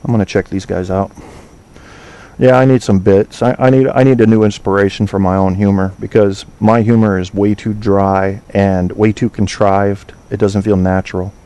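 A man's voice: lowish voice, level tone, normal speed, mellow. A man hosting an online talk show, chatting casually with listeners, rambling, swearing and trailing off while he hunts for names. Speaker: podcast host.

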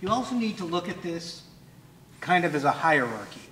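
A man's voice: fairly high pitch, very animated, moderate pace, crowd noise, rough recording. A man co-leading a training session who cuts in to add a point.

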